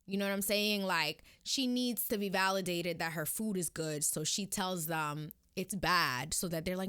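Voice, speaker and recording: Chatty woman with a smooth, dry voice. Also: fairly low pitch, normal speed, hardly any pauses, a bit bright, no echo. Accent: Hispanic Caribbean. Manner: chatty, rambling, addresses viewers directly. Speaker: vlogger. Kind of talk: casual personal vlog talk.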